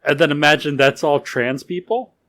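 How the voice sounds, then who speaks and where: On a casual drinking-game podcast, a male co-host rambles through a history story, packing it with filler words and swearing. His voice is fairly high and fairly bright, at a moderate pace.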